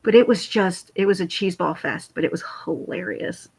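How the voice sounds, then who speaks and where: A woman in her forties chatting casually with live viewers, telling rambling, animated stories. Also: fairly low pitch, a little fast, vocal fry, husky. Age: 40s. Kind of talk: casual livestream chat. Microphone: computer mic.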